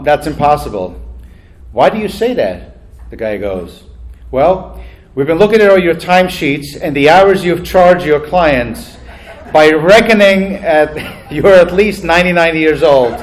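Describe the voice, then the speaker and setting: A man emceeing a banquet, cracking jokes in a chatty, self-deprecating manner and chuckling at his own punchlines. His voice sits somewhat high for a man, and he speaks into a handheld mic in a banquet hall. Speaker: master of ceremonies.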